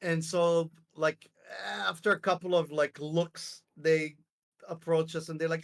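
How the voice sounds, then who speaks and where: A man's voice: fairly high pitch, flat delivery, measured pace, creaky. A young man from Lebanon telling a story on a live stream, acting out quotes and swearing freely. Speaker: streamer hosting a live call. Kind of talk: casual storytelling chat.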